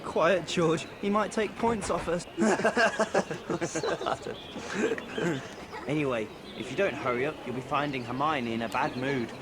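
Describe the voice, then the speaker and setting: An actor voicing a mischievous teenage wizard twin in a video game, teasing and joking. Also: male voice, a little high, slow pace, long pauses. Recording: game audio with clear background noise.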